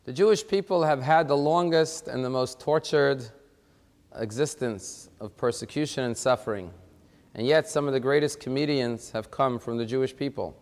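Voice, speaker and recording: A man delivers a sermon as a rabbi, opening with a joke in a wry, easygoing storyteller's manner. His voice sits at an ordinary middle pitch. A long hall reverb trails after his words. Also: moderate pace, darkish tone.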